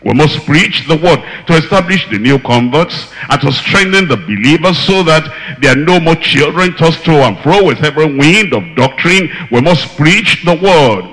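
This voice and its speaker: A man's voice: on the high side, animated, normal speed, hardly any pauses, fairly bright tone, big-room sound, poor audio. A man preaching a sermon, with an emphatic, repetitive cadence.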